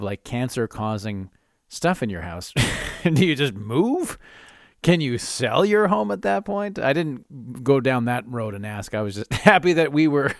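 A man's voice: medium pitch, no room sound, studio quality. A middle-aged man hosting his own podcast, rambling through candid stories and laughing at himself. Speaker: podcast host. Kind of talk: casual monologue.

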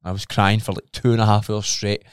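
A man's voice: lowish voice, level tone, brisk, smooth, no echo, studio quality. A Scottish man co-hosting a podcast, telling a personal story openly and emotionally, swearing often. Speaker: podcast co-host. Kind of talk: candid podcast conversation.

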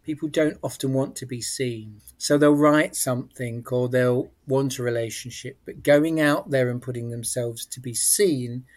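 A man's voice: mid-range voice, steady tone, normal speed, hardly any pauses. A man with a British accent, a guest on a podcast, explaining his work in a thoughtful way with frequent restarts. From England. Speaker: psychic medium guest. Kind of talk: casual interview chat.

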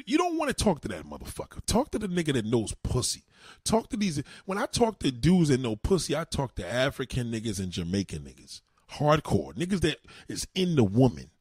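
Husky, animated man ranting. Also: mid-range voice, no echo, clean studio sound. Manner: animated, profane, repeats himself. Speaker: show host. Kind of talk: crude monologue.

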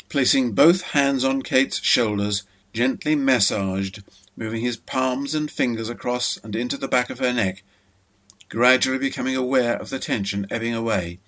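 A man narrating a story in a measured, even manner. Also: medium pitch.

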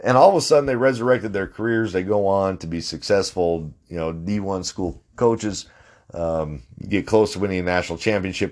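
A man with a very low voice hosts a casual sports podcast. He rambles in a blunt, opinionated way, with many ums and restarts, and now and then he swears. He sounds like he is in his forties.

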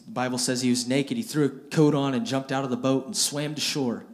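Man, preacher, storytelling sermon, plain everyday speech, repeats phrases, mid-range pitch. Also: fairly even intonation, fairly quick. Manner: retells scripture in plain everyday speech, acting out quotes; repeats words and restarts phrases.

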